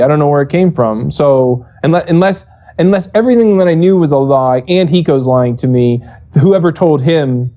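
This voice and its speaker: Brief: animated, profane male coach telling a heated story; warm, relaxed voice. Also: on the high side. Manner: profane, animated, acts out quoted exchanges. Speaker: esports coach. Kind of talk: casual storytelling interview.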